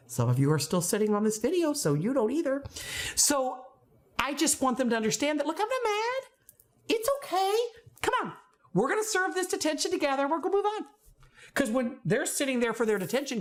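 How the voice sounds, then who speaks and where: A middle-aged woman coaching teachers in a playful, animated way, often acting out the voices she quotes. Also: on the high side, fairly quick. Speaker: teacher trainer.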